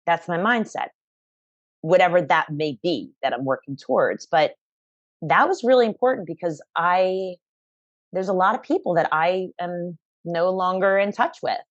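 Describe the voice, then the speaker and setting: A woman fitness instructor as an interview guest, talking in an energetic, emphatic, upbeat way over a remote call. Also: on the low side, moderate pace, no echo, highs cut off. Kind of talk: conversational interview.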